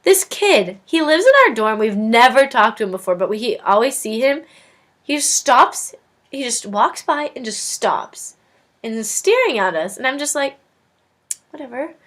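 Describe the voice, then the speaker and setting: Chatty young woman with a high voice. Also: very animated, moderate pace, fairly bright tone. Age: young adult. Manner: chatty, lots of "like", acts out quotes. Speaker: vlogger. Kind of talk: casual storytelling to camera. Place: college dorm room.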